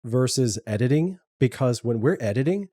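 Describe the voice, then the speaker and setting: A middle-aged man with a mellow, dark voice, co-hosting a podcast in easy conversation. He stumbles over the start of his sentences and restarts them before landing the thought. The sound is dry and close. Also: mid-range voice, animated, normal speed, no echo. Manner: trips over words, many restarts. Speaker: podcast co-host and editor. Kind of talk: casual chat.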